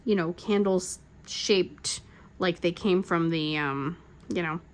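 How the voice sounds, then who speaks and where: A crafting-channel host, middle-aged, tells rambling stories in easy conversation, leaning on "like" and laughing often. She speaks slowly in a lowish voice, and there's slight background noise.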